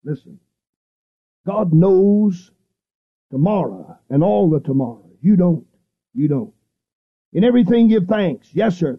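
Middle-aged male radio evangelist, high voice, emphatic repetitive delivery, muffled vintage broadcast quality. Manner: fervent, repetitive preaching with emphatic pauses. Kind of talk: radio sermon. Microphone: studio microphone, seated.

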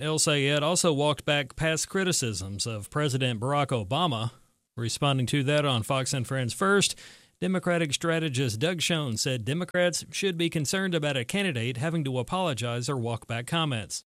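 A man reading a radio newscast as the anchor, steady and measured. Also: medium pitch, no room sound, clean studio sound. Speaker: news anchor.

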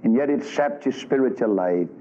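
A man's voice: medium pitch, lively intonation, moderate pace, warm tone. A man preaching a fiery revival sermon in a folksy, scolding way. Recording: dull lo-fi archive recording.

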